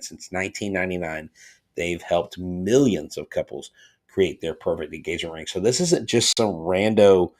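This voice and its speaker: A man with a very low voice co-hosts a baseball podcast. He reads a sponsor spot briskly, then talks through the game in an easygoing way. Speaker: podcast co-host. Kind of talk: sports podcast talk and ad reads.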